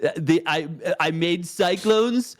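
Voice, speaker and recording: A man's voice: fairly high pitch, slow. A man putting on an impression of a boastful older male politician who rambles in non sequiturs.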